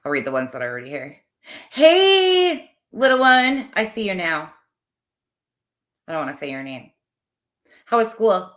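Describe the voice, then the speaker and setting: A woman's voice: low voice, animated, fairly quick, long pauses, fairly bright tone. A woman in her thirties chatting casually on a livestream, rambling and talking to her viewers. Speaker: livestream host.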